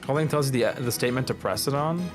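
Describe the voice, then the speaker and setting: A man's voice: medium pitch, fast talker, music in the background. A man streaming a video game, chatting casually and thinking aloud about the puzzles with a partner. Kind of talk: casual let's-play chat.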